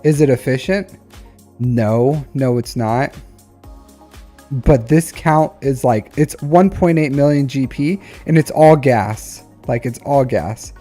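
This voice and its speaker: A man's voice: mid-range voice, takes it slowly, mellow, soft background music. A man giving casual live-stream commentary on game accounts, rambling and repeating phrases with lots of "like" and "um".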